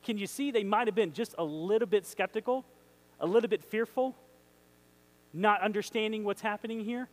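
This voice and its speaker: A man with a high voice preaches a sermon with eager energy, quick to get carried away. He reads scripture aloud and keeps turning to his listeners with questions. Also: rough recording. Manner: excitable, emphatic, asks the audience questions.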